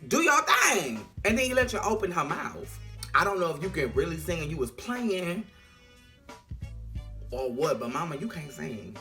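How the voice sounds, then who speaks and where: A woman recaps a TV episode in a sassy, slang-heavy vlog style. Her voice is bright and lively, swinging widely in pitch as she tells the story with plenty of attitude. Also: normal speed, long pauses, faint music behind. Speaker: TV episode reviewer.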